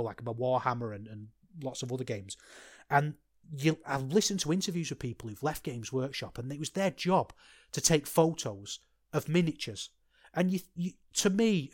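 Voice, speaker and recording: A man's voice: a little high, no echo, studio quality. A man hosting a solo podcast, rambling and self-deprecating, with frequent restarts. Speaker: podcast host.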